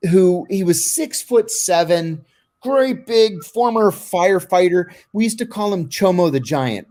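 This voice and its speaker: A man's voice: on the high side, darkish tone. A man being interviewed, telling blunt, vivid stories and acting out what people said. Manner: blunt, vivid storyteller who acts out quotes. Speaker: interview guest. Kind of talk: anecdotal storytelling in an interview.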